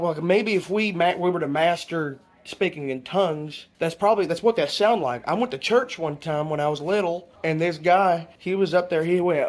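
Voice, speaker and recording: A man's voice: on the high side, close to an everyday voice. A man playing a rambling conspiracy guy. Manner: rambling, stumbling restarts, preachy. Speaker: comedy vlog character. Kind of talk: improvised comedy monologue.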